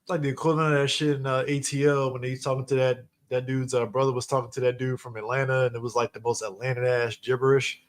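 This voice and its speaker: A man co-hosting a podcast, chatting casually with quick bursts, loud exclamations and laughter. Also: medium pitch, level tone. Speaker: podcast co-host. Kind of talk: casual chat.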